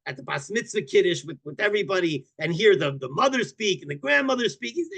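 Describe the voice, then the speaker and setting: High-pitched guy rabbi teaching a class, tells stories all animated, keeps repeating himself, gets loud on the big points. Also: fast. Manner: animated storyteller, repeats words, bursts of loud emphasis. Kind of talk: Torah class storytelling.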